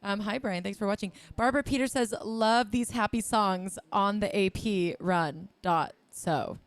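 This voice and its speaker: A bubbly woman hosts a livestream over a video call. She reads out comments, giggles often and gushes over everyone, her voice sitting mid-pitch. The sound is close and dry, with no room in it. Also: unhurried, no room sound. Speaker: host. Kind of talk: casual chat, reading out viewer comments. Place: home, online video call.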